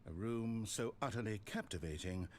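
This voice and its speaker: A man voicing a dry male game narrator, speaking in a measured, wry and sardonic way. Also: fairly low pitch, slight background noise, natural voice.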